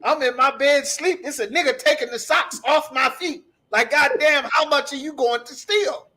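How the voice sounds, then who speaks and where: A man's voice: extremely high pitch, normal speed, pushed and bright. A man teaching a scripture class, ranting in an emphatic, profane, repetitive way. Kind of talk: heated scripture breakdown.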